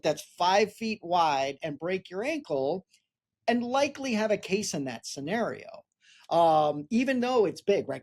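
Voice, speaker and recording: A man's voice: sits high, a little mellow. A man who is a personal injury attorney co-hosting a podcast, explaining legal points plainly and often tagging his sentences with "right?".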